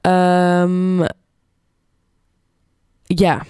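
A young woman hosts a campus radio show while congested from a cold. She rambles through announcements with plenty of ums at an unhurried pace. Her voice is mellow and smooth, close and dry on a studio mic. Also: fairly low pitch, flat delivery, no room sound. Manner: chatty, rambling with many ums. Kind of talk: casual campus radio hosting. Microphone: studio microphone.

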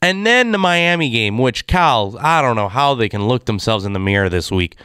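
Man, casual sports rant, exasperated, smooth clear voice, dry close sound. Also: mid-range voice, expressive, moderate pace, pushed and bright, no room sound. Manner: exasperated, ranting. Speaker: sports commentator.

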